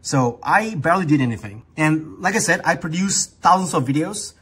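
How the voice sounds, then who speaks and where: A young man casually walking through the controls of an audio mixer, chatty and peppered with quick "okay?" and "right?" check-ins. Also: a little high, expressive, fairly bright tone, husky. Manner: chatty, talks while pointing at controls, many "okay?" and "right?" tags. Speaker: gear reviewer. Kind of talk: casual product demo.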